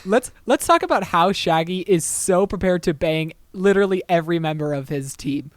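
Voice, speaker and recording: A podcast co-host with a mid-pitched voice, chatting casually and laughing between lines. Their rants have a dry, mock-indignant edge. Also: animated, normal speed, dry recording.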